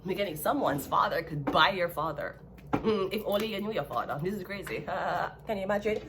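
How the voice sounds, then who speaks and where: A woman's voice: lowish voice, lively intonation, brisk, background noise. A woman with a Jamaican accent giving a blunt, sassy, casual tarot reading. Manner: blunt, sassy, laughs at her own jabs. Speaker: tarot reader.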